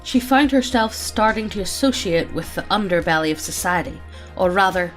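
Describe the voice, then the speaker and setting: A woman's voice: on the low side, animated, normal speed, a bit bright, faint music behind. A woman reading out a character backstory among friends, often breaking into laughter. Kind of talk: reading a backstory aloud with banter.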